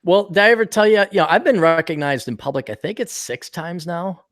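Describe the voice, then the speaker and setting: A male podcast host in casual chat, an animated storyteller who acts out the people he quotes. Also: high voice, a little fast, no room sound, clean studio sound.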